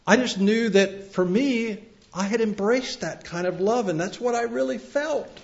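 Male preacher, middle-aged, slow and deliberate delivery, loud emphatic peaks and quiet lows. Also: creaky. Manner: swings from loud emphatic cries to soft quiet words. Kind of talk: sermon. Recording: dull lo-fi sermon recording.

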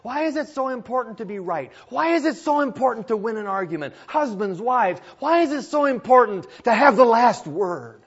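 A man's voice: extremely high pitch, lively intonation, normal speed, few pauses, slightly rough, dull audio. A male pastor preaching a sermon in an emphatic style, repeating phrases for weight.

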